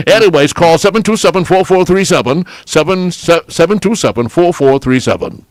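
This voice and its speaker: Man, Antiguan accent, radio host, savors food aloud, somewhat high, dry studio. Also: a little fast, hardly any pauses, dry recording. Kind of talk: casual radio chat, reading lunch specials.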